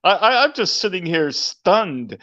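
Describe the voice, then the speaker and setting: A man's voice: sits high, big pitch swings, a little slow, a bit bright. Stunned, sarcastic man on a lo-fi line. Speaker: panelist calling in. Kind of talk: postgame sports talk. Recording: lo-fi remote line.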